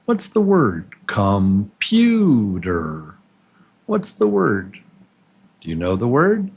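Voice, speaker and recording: A man teaching English to absolute beginners, patiently repeating words slowly and counting syllables with the listener. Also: on the high side, huge pitch swings, gravelly, husky. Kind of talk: slow, clearly spoken beginner English lesson.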